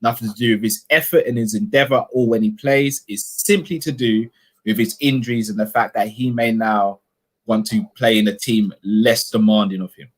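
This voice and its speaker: Here a man with a husky, fairly low voice leads an informal live-stream chat. Moderately paced and fairly even in intonation, he works through viewer comments and drives the discussion with searching questions.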